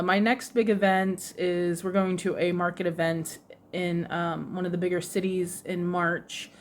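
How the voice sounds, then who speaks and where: A woman vlogger telling a casual story in an animated way, laughing often and acting out other people's lines. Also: on the low side, a little hiss or hum. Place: lives in Japan, runs a shop with her husband.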